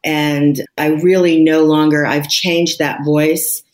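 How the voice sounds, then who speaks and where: A woman's voice: deep voice, little pitch movement, takes it slowly. A woman speaking candidly and reflectively as a podcast interview guest, emphatic at times. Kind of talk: podcast conversation.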